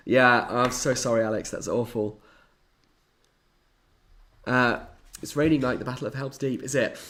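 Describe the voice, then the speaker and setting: A young man chatting casually on a live stream, animated and playfully dramatic. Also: mid-range voice, a little slow, long pauses. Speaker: hobby streamer.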